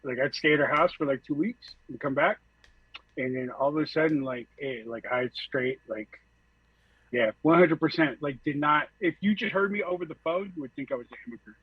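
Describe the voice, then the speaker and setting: A man's voice: on the high side, brisk, breathy edge, no echo. A man from San Francisco, a guest on a podcast, talking earnestly in casual chat, with many "like" fillers. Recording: dull lo-fi dry sound.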